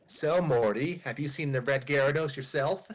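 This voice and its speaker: A man voicing an excitable, starstruck young woman trainer who squeaks, gushes and stammers. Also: moderate pace, close to an everyday voice. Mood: curious.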